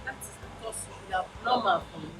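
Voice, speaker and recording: A woman's voice: mid-range voice, expressive, fast, recorded from a distance, very noisy, close to an everyday voice. An actress with a Nigerian accent playing a firm mother lecturing her daughter. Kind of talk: Nollywood film acting.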